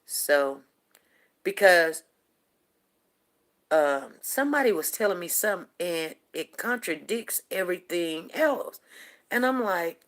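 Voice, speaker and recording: In a casual talk-show monologue, a female host speaks in a mid-range voice that's animated yet unhurried, pausing often. She circles back over her points, repeating them with emphasis for her audience.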